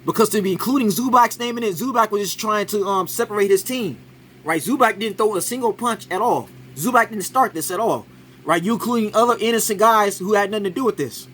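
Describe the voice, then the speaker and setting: Guy ranting at a sports clip, high-ish voice, keeps going "right?". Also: a little fast, a bit bright, a little hiss or hum. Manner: argumentative, keeps adding "right?". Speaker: commentator reacting to a sports clip. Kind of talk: casual reaction commentary.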